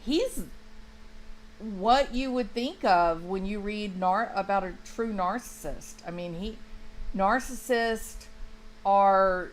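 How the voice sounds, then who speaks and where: Slow, emphatic woman chatting. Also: medium pitch, low-quality recording. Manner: chatty, emphatic, restarts often, talks to viewers by name. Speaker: true crime livestream host. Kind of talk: casual livestream commentary, reading chat.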